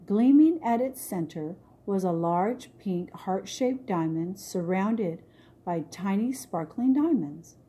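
A woman reading a children's storybook aloud in a slow, lilting storytelling voice. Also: mid-range voice, animated, dark tone, slightly rough. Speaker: storybook reader.

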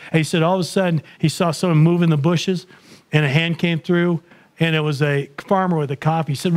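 A man's voice: on the high side, steady tone, brisk, darkish tone. A man giving a sermon in a church, telling a conversion story in an earnest way that builds intensity. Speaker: guest speaker.

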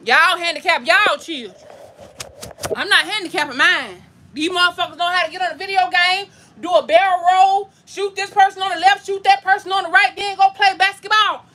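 A woman vlogger rants bluntly and profanely into her phone at home during a livestream. Her voice sits very high and rings bright and sharp. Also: steady tone, fairly quick. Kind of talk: casual livestream rant.

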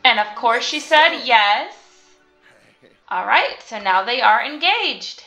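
A woman's voice: a little high, very animated, slow, bright, forceful tone, lo-fi sound, soft background music. A young woman vlogger giving casual, chatty commentary while playing a life-sim game, giggling and swearing when surprised. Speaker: gaming vlogger.

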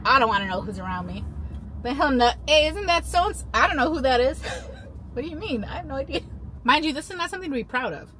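Chatty woman vlogging on her phone, kinda high voice, bit of car noise behind. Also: lively intonation, quick pace, bright, forceful tone. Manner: chatty, rambling storytelling with playful asides. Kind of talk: casual vlog chat. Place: in a car and out and about.

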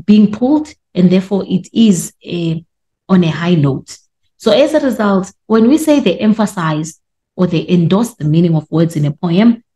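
A woman teaching a class, explaining slowly with repetition and stretched words for emphasis. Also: on the low side, darkish tone. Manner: explanatory, repeats points and drags out words for emphasis. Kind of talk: classroom lesson.

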